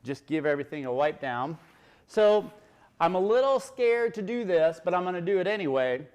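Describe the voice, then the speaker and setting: A man's voice: high-pitched, clear, resonant tone. A middle-aged man, a chef, giving a chatty cooking demonstration and explaining each step as he works. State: teary from onions.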